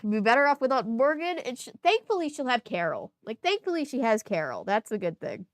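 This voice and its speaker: A young woman reading a novel aloud between casual, candid asides. Her voice is smooth and clean, a little high, recorded close and dry. She speaks plainly and without fuss. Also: very animated, fairly quick, dry recording. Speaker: booktuber.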